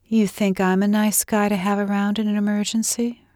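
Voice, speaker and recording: A sleepy, wry young woman pilot, as a female narrator puts her on, murmuring her words softly and drowsily. Her voice is lifted a little higher than the narrator's own. It sounds close and dry. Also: expressive, measured pace, dry recording. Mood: drowsy.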